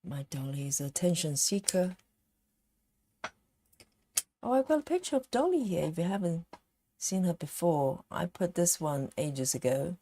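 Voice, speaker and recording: A woman's voice: on the low side, lively intonation, measured pace, long pauses, dark tone. A woman chatting casually on a live stream as she stitches, giggling often and reading out viewer comments.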